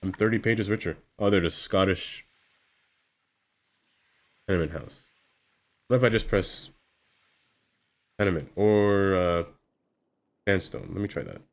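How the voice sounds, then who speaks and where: Streamer, male, very low pitch, loose rambling self-talk while gaming. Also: unhurried, long pauses. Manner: rambling, self-talking, trails off with fillers. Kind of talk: casual live-stream commentary while building.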